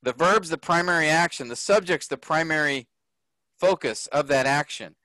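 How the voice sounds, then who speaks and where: A man teaching a grammar lesson to a group, slow and patient, often checking that the class follows. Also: a little high, bright, forceful tone, no echo. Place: workshop room.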